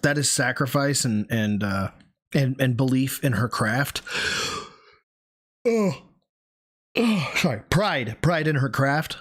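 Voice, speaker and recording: A man co-hosting a live stream, roasting his partner with sarcastic, crude jokes. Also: medium pitch. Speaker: stream co-host.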